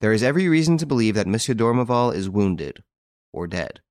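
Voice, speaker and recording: A composed gentleman detective of middle age, voiced by a man reading aloud. He speaks in a low, measured, authoritative way that takes charge of the scene. The sound is dry and close. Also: very animated, no echo. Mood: grave.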